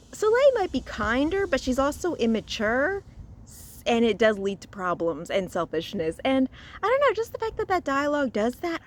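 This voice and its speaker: A woman from Louisiana giving a casual spoken review, chatty and expressive, recorded outdoors. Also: a little high. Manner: chatty and expressive, with frequent laughs and sighs. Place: outdoors in a cemetery.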